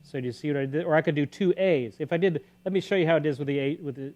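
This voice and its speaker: A man hosts a casual guitar lesson on a live stream, speaking very fast in a slightly high voice. He talks loosely and counts beats aloud while guitar plays in the background.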